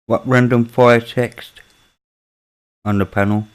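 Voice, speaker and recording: A man's voice: mid-range voice, fairly even intonation, slow, smooth. A man from Birmingham with a Birmingham accent, a live-stream host chatting casually with viewers and muttering to himself as he works on his computer. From Birmingham, England. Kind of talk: casual chat with chat readers.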